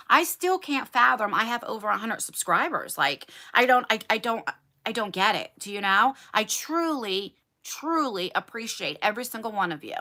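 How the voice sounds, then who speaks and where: Chatty woman on a livestream, bright voice, bounces all over in pitch, talks right to her viewers. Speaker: beauty YouTuber. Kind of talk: casual livestream chat. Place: converted attic bedroom.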